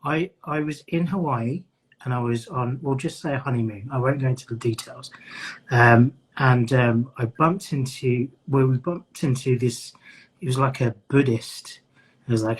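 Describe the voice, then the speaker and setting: This North London podcast host talks at a moderate pace in a medium-pitched, slightly rough voice with fairly even intonation. His accent is a mixed, well-traveled English one, London-based with hints of the Midlands. It's a casual live-stream chat captured over a video call, full of stories in which he performs the voices of the people he quotes.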